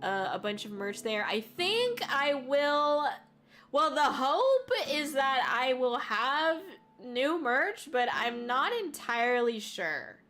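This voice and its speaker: A woman's voice: high voice, big pitch swings, slow, bright, forceful tone, slight background noise. A woman VTuber chatting casually on a live stream, reading viewer comments, laughing often and swearing as she rambles. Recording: faint music underneath.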